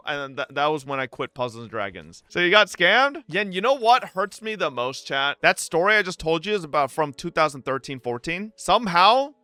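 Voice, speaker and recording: High, lively excitable streamer guy. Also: smooth, no room sound. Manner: excitable, profane, animated storytelling. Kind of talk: livestream rant to chat.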